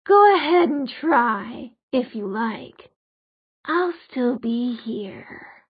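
A woman's voice: a little high, expressive, drawn-out words, slightly rough, dry recording, exaggerated voice. A woman voicing a smug, pleasant male demon who drawls in a bored way. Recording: dry, phone-like narrow sound.

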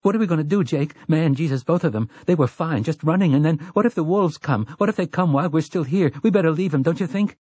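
A man's voice: on the high side, animated, dark tone, slightly rough, no room sound, pitched above the performer's own voice. A man voicing a frightened young boy who babbles in a panic. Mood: panicked. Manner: fast, frantic, rising questions.

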